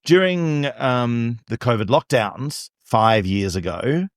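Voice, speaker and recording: A man talking as a podcast guest, easygoing and chatty, settling into a long personal story. His voice is middle-pitched and dry, recorded close with no reverb. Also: animated, slow. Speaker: guest musician, conductor and pianist. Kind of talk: casual chat.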